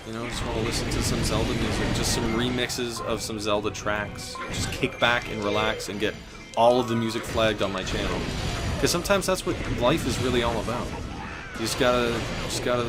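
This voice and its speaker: Joking young man over game music. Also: mid-range voice. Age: 20s. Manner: joking, rambling, deadpan absurd asides. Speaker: gaming channel host. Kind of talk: casual gameplay commentary. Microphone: desk mic with button clicks heard.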